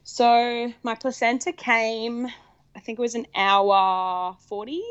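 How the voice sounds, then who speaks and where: A woman guest telling a personal story in conversation, animated and excited, acting out what people said. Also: a little high, slow, smooth. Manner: animated, excited, acts out quoted dialogue. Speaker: podcast guest. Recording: slightly muffled lo-fi recording.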